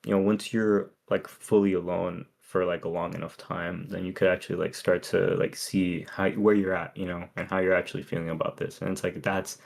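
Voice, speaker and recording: Deep, gravelly man in casual chat. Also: level tone. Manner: halting, filler-heavy, many restarts. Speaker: podcast co-host. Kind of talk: casual chat, reading lyrics and chat comments.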